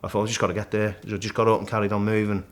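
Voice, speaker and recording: A middle-aged man, a guest in a casual interview, vividly retelling his climb and acting out the shouts and thoughts along the way. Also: fairly low pitch, rapid-fire. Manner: animated storyteller, acts out his own shouts and thoughts. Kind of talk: storytelling in casual conversation.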